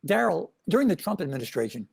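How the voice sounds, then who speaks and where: An older man speaks with a strongly gravelly, husky voice. He talks haltingly, with frequent pauses and restarts, but keeps a wry tone. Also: fairly high pitch, big pitch swings. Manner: hesitant, many uh fillers and restarts, wry. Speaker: guest cartoonist. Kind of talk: casual panel chat.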